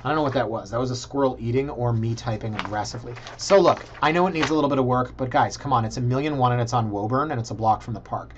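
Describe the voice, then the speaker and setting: A man's voice: mid-range voice, fast talker, hardly any pauses, dull audio, a little hiss or hum. A man, a realtor chatting casually through property listings and thinking aloud with joking asides. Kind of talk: casual screen-share vlog commentary. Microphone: computer mic.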